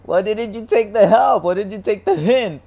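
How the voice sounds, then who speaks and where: An exasperated God, as a man puts him on shouts his rebukes in a strained, high, incredulous voice. The voice climbs far above the speaker's usual low pitch and booms with frustration. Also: moderate pace, creaky.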